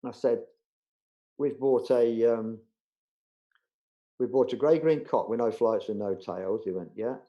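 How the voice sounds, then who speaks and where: Man telling a lively story. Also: mid-range voice, measured pace, long pauses, muffled recording. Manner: animated anecdote-teller, acting out voices of others. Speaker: budgerigar breeder telling a story. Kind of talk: casual storytelling in a live interview.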